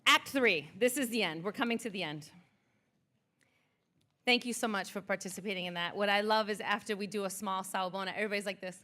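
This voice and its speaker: A woman, a motivational speaker, reciting a slow, emphatic spoken-word piece and then leading a live audience through a participation exercise at a museum event. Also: mid-range voice. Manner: slow, emphatic poetic delivery, then lively and playful with the crowd.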